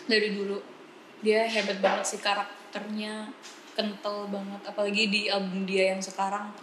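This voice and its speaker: A woman's voice: medium pitch, completely flat delivery, fairly quick, background noise. A woman guest in a casual chat, bubbly and giggly, mixing Indonesian and English. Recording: echoey room, faint ambience.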